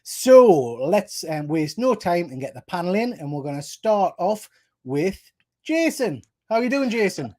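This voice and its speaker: A man's voice: sits high, big pitch swings, a little slow, a little mellow. Chatty Geordie man hosting a panel. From North East England. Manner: chatty, jokey, friendly banter. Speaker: host. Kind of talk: casual live panel chat. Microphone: video call.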